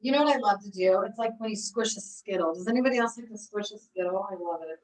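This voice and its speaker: A woman's voice: mid-range voice, quick pace, darkish tone, far from the mic, poor audio. A woman leading a live online cooking class, bubbly and encouraging, laughing often as she talks her students through each step. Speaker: recreation therapy cooking instructor.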